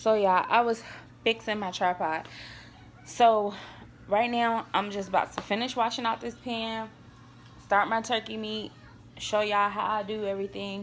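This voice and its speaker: A woman's voice: medium pitch, slight background noise. A young woman chatting to viewers in a casual home cooking vlog, sighing now and then and fighting back tears, recorded on a camera on a tripod in her kitchen. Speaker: vlogger.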